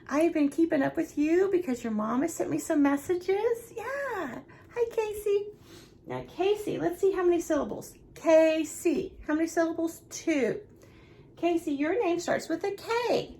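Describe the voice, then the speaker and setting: A young woman, a nursery teacher going slowly and encouragingly through a lesson for small children. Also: extremely high pitch, lively intonation, warm tone. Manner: slow, sing-song, encouraging teacher talk.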